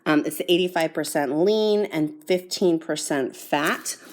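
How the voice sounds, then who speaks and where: A woman with a fairly low voice gushes excitedly through a casual unboxing at home. The room rings with echo, and a steady hiss of noise sits under her voice. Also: a little slow. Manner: gushing and excitable. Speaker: product review vlogger. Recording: echoey room with background noise.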